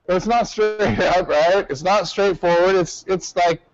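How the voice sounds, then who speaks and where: A man's voice: high voice, measured pace, muffled recording, slight background noise. Commanding martial arts instructor, man. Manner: commanding, drills with sharp counts. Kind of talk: class instruction.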